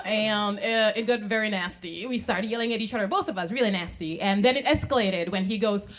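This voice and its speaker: A young woman from the Czech Republic with a Czech accent, performing a stand-up comedy set in a club, animated and laughing at her own jokes. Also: medium pitch, a little fast. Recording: live club recording, audience noise.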